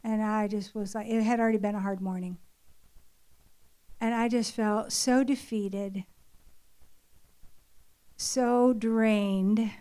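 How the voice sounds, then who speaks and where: A woman's voice: medium pitch, fairly even intonation, slow, long pauses, mellow, clean tone. An older woman giving a sermon-style testimony, earnest and confessional, telling a family story in a casual way with many fillers. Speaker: church speaker.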